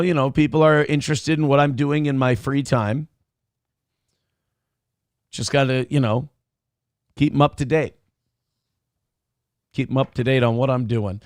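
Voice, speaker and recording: A man's voice: on the high side, clean tone, no room sound, clean studio sound. A man hosting a casual morning talk show, rambling and self-deprecating as he reads viewer messages aloud. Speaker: show host.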